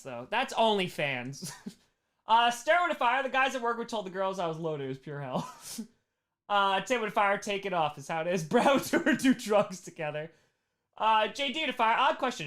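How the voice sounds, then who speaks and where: Joking man with a lively voice. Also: high-pitched. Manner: joking, laughs often, quick asides. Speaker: livestream host. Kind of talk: casual chat reading viewer messages.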